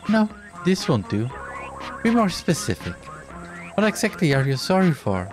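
A man's voice: a little high, sing-song, moderate pace, over music, pitched above the performer's own voice. A man voicing a sinister, cheerful male TV show host who mocks and commands his guest. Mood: commanding. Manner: gloating and mocking, showman announcements.

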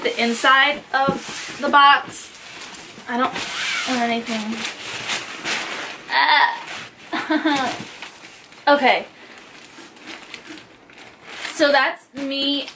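A young woman, a beauty YouTuber, chatting casually as she unboxes a swap package, excitable and full of "like" fillers. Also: sits high, background noise. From New York area.

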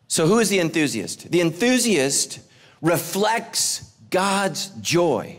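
A man's voice: high voice, big pitch swings, takes it slowly. A male pastor giving a humorous sermon to a congregation, breaking his scripture reading with playful jokes and asides. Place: church service before a live congregation.

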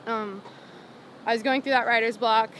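A singer-songwriter from Los Angeles in her twenties tells a story during a casual interview on a city sidewalk, with street noise behind her. Her voice is fairly high, steady, a bit bright, and at normal speed, and she's chatty, full of "like" fillers, and laughs often.

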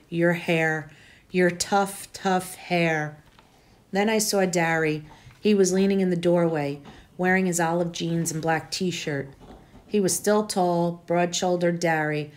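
Female teacher, lower register, reading a novel aloud to students in a plain, even delivery.

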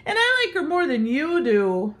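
A woman voicing a smug, boastful young boy cat who bullies in a storybook, speaking loudly and showily. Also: high-pitched, very animated, moderate pace, pitched above the performer's own voice.

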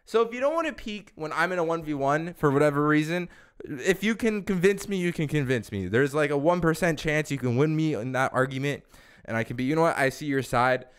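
A man's voice: on the high side, lively intonation, smooth. A man ranting about a video game as a gaming YouTuber, exasperated and profane. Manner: exasperated, profane, acts out teammates in quick asides. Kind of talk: ranting gameplay commentary.

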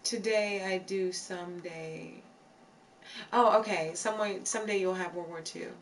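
A woman's voice: lowish voice, fairly even intonation, unhurried, recorded from a distance, slight background noise. A woman hosting a live stream, chatting casually with viewers in a playful, giggly way, reading their comments aloud and repeating phrases for emphasis.

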